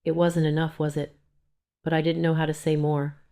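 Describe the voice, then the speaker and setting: An older woman narrating a first-person story in a slow, emotional, confessional manner. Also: low voice, level tone, dark tone.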